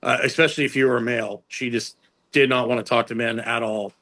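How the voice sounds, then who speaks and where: A middle-aged man, a strength and conditioning coach, talking as an interview guest in a casual, rambling storytelling way. He uses lots of fillers and restarts, and he pitches his voice up to act out what other people said. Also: fast. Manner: animated storyteller, jumps into higher voices for quotes.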